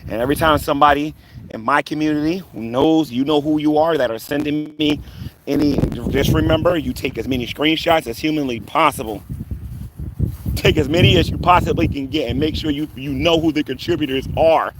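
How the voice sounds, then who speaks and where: A man's voice: a little high, fairly quick, noisy background. A man running a live stream, taunting rivals in a combative, rambling rant full of fillers. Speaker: online commentator on a live stream.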